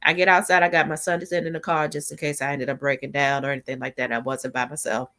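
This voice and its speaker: A woman's voice: deep voice, flat delivery, fast, a bit bright. A woman in her forties telling a personal story in a casual storytime vlog, chatty and heartfelt, often asking the viewer if they follow. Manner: chatty, heartfelt, leans on "you know what I'm saying". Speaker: vlogger.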